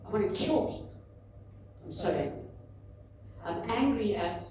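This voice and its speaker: A woman in her fifties giving a candid, animated talk at a book launch, telling personal stories to an audience. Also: lowish voice, background noise. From South Africa. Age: 50s. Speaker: author and speaker. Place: large indoor event room. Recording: echoey hall, mic at a distance.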